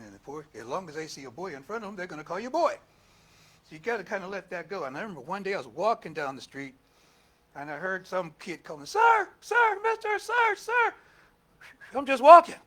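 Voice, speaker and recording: An older man preaching a storytelling sermon as pastor, animated and laughing, acting out quotes in a raised voice. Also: a little high, fast talker, slightly rough.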